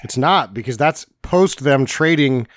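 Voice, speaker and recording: A man's voice: medium pitch, no echo, studio quality. A man co-hosting a podcast, sarcastically complaining about a bad movie's music and shots. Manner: sarcastic, quick to complain, lively storytelling. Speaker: podcast co-host. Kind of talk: casual bad-movie commentary.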